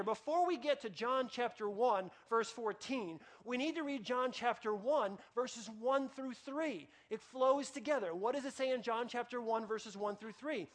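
A man with a very high-pitched voice preaches a sermon from the pulpit. He speaks emphatically, often restarting sentences and repeating key phrases for weight. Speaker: pastor.

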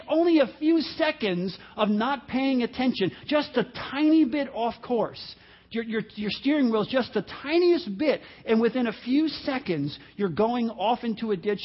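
A high-pitched male pastor preaching earnestly, often repeating himself and slipping into quoted voices. The recording is dull and lo-fi. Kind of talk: sermon. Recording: dull lo-fi audio.

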